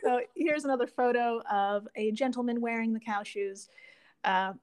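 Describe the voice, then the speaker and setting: A woman's voice: fairly high pitch, moderate pace, darkish tone, smooth. Playful woman podcast co-host. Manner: playful, laughs often, reads facts aloud. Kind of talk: casual podcast chat.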